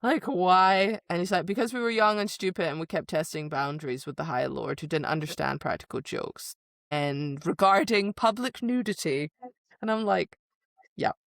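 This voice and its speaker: A woman's voice: fairly low pitch, moderate pace, creaky, no echo, clean studio sound. A woman co-hosting a book podcast in casual chat, animatedly retelling scenes, acting out quoted lines and laughing often.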